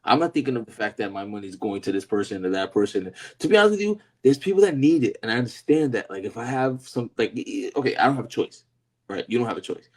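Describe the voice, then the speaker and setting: A man's voice: medium pitch, very animated, fast talker. Laid-back man rambling in casual chat. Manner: rambling, lots of "you know what I mean"; laid-back, laughs often. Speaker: podcast co-host.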